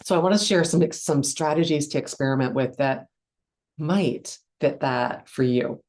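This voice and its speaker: A woman's voice: low-pitched, moderate pace, darkish tone. A middle-aged woman hosting a solo podcast, explaining ideas conversationally with restarts and ums while chewing a cough drop. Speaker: podcast host.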